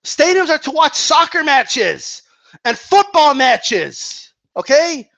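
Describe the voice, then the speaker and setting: A man ranting about boxing in a sarcastic, animated way, swearing constantly and laughing often. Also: very high-pitched, slow, creaky, no room sound. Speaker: boxing commentator. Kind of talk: profane ranting monologue.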